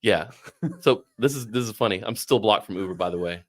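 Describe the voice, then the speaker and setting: A middle-aged man telling a long story casually, animated, swearing and acting out what others said. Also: on the low side, a little fast. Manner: animated, swearing, acts out quoted voices. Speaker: podcast guest.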